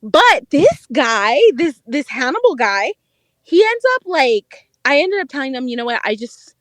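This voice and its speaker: A young adult woman on a podcast, telling a dating story in a casual, animated, profane way, often breaking into laughter. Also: high voice, measured pace, dry recording. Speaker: podcast co-host, dating correspondent.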